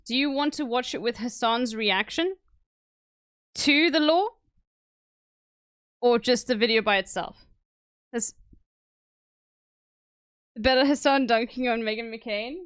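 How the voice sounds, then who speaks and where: A woman's voice: a little high, measured pace, pauses often, fairly bright tone, clean tone, no echo, studio quality. A young adult woman streamer chatting casually to her viewers, laughing often and using loose filler words.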